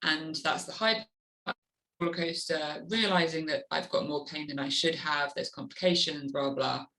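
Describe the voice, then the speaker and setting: A woman's voice: deep voice, normal speed, rough recording. A woman guest in an interview, speaking earnestly and openly about coping with pain. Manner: earnest, animated when acting out her inner voice. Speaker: guest, adventure motorcyclist. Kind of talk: candid interview talk.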